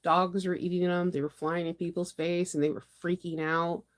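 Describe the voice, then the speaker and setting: A woman from the US hosting a sewing channel, chatting casually on a morning live stream in a rambling, animated way, laughing often and breaking into dramatic outbursts. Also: lowish voice, normal speed.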